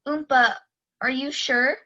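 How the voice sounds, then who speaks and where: A woman voicing a startled small grandchild with shrill, excited squeals, in an audio theater play. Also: slow pace, dull audio, full character voice. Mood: nervous, giggly.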